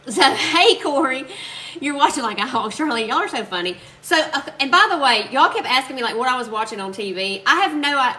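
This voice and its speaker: A woman's voice: a little high, sharp tone. Chatty Southern woman crafting live. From Alabama, US. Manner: chatty, laughs often, reads viewer comments aloud. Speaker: crafting livestream host. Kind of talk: casual live-stream chat.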